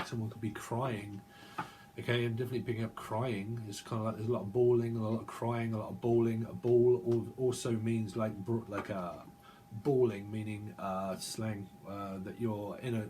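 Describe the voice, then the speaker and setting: A man's voice: fairly low pitch, fairly even intonation, normal speed, warm tone, a little hiss or hum. A man giving a channelled tarot reading, rambling and repeating words over and over in long chanted strings. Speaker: tarot reader.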